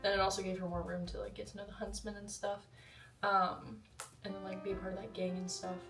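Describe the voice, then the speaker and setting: A woman's voice: medium pitch, flat delivery, a little fast. A young woman vlogs about a movie in a loose, rambling way, with lots of fillers and side comments. Her voice sits a little back from the mic in an echoey room, with a faint bed of music underneath. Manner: chatty, rambling, many fillers and asides. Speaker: vlogger. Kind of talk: casual film review monologue. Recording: roomy echo, voice a bit far from mic.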